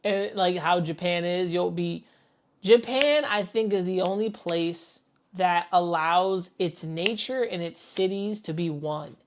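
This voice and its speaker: A woman from the Bronx, reacting to a video with loud, profane outbursts. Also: on the low side, slow, slight background noise. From the Bronx, New York. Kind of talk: casual reaction commentary.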